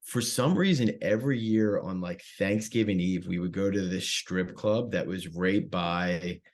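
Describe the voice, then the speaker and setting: A man telling a profane, animated story in casual chat and acting out what people said. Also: low voice, measured pace. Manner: animated, profane, acts out quotes. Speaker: comedian guest.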